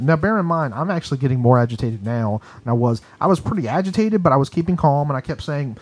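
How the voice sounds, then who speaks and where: A man's voice: on the high side, expressive, fast talker, hardly any pauses, a little mellow. A man on a podcast in a recording studio, telling a long story as a casual rant that is agitated, profane and emphatic. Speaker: podcast co-host.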